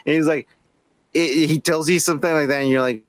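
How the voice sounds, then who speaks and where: A man's voice: on the high side, steady tone, brisk, no echo. A man co-hosting a podcast, bantering in a wry, profane way and pushing back on his co-host. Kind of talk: casual banter.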